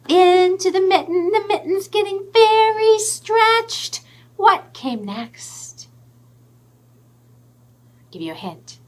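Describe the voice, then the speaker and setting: A woman reading to children at storytime, her voice pitched high and bright. She takes her time, stretching out the words, then slides into hushed whispers to give hints. The delivery stays lively and expressive throughout. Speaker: children's librarian hosting storytime.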